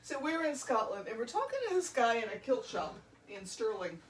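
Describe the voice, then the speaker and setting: A woman's voice: on the high side, very animated, a little fast, far from the mic, slight background noise. A woman who plays drums in a band, chatting on a casual livestream, laughing often and rambling through stories. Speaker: drummer and show host. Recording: roomy sound from away from the mic.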